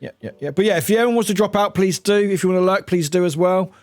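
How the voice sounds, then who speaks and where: A man from the UK chatting casually with viewers on a live stream as he plays a word game, upbeat and quick to greet people. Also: sits high, darkish tone, faint music behind. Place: home room with a cat nearby.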